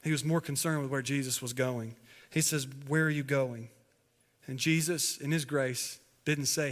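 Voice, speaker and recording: A man's voice: medium pitch, fairly even intonation, measured pace, pauses often. Male pastor preaching in a reverberant church. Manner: preaching with dramatic swings between loud emphasis and hushed quiet. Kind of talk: sermon. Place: church sanctuary. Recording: long hall reverb from a church sanctuary.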